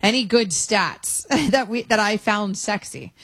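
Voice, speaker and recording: A woman's voice: mid-range voice, animated, a bit bright, no echo. Playful, teasing woman radio host. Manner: playful, teasing, quick to laugh. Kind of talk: casual sports radio chat. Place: radio studio. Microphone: studio microphone.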